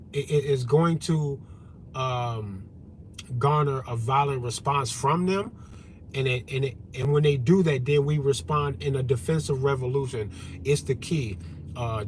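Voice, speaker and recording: A man's voice: mid-range voice, a little hiss or hum. A man hosting a livestream, ranting bluntly and profanely while reading out and answering his chat. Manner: profane, blunt, repetitive, addresses chat directly. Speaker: livestream host. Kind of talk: unscripted livestream rant.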